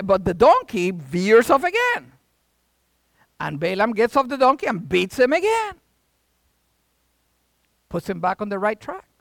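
A man preaching a sermon, retelling a Bible story in a casual, animated way, with sound effects and asides. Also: sits high, no room sound.

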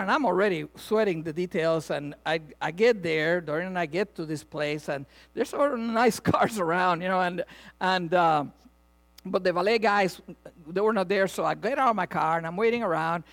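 Brief: middle-aged male pastor, animated storyteller, pitch swinging all over, laughs through his sermon. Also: normal speed, pauses often. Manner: animated storyteller, laughs often, acts out voices. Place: church or venue with audience, also filmed.

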